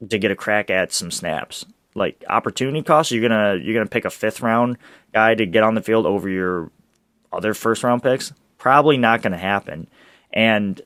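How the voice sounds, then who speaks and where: Male podcast host, lowish dry voice, eager and rambling, close mic. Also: no room sound. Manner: excitable, rambling, with frequent laughs and restarts. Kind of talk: solo sports podcast talk.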